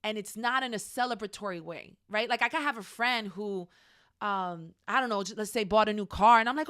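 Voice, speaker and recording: A woman's voice: medium pitch, moderate pace, fairly bright tone, smooth, dry recording, clean studio sound. A young adult woman, a counselor, teaching an informal class in an emphatic, conversational way and repeating her key points.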